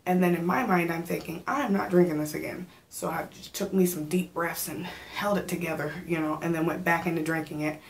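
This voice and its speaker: A pregnant woman in her thirties chatting casually in a vlog, telling stories with animated quoted asides and sometimes getting out of breath. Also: on the low side, a little fast, hardly any pauses. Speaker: vlogger.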